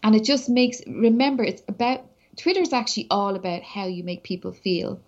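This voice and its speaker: An Irish woman, a social media entrepreneur, chatting as a guest and telling animated anecdotes in a casual, talkative way. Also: mid-range voice, a little fast. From Ireland. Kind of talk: casual conversational storytelling. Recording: slightly dull lo-fi audio.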